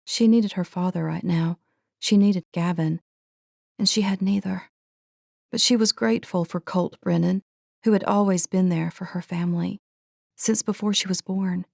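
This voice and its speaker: A woman narrating an audiobook in a measured, earnest way. Her voice sits lowish with a gravelly texture. The recording is dry and close, with no room sound. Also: a little mellow, no room sound.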